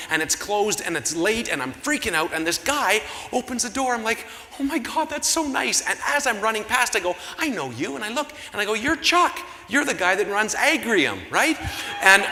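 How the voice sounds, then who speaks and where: Animated Canadian man emceeing a gala. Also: high-pitched. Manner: animated, self-mocking storyteller. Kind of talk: comic storytelling to an audience. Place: large convention hall. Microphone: handheld stage mic through PA. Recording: reverberant hall with faint room noise.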